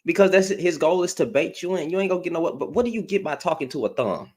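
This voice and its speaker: A woman's voice: on the low side, expressive, quick pace, hardly any pauses, a little mellow, slightly rough. A woman hosting a livestream, giving blunt, heated reaction commentary and often repeating her phrases. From United States. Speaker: livestream host.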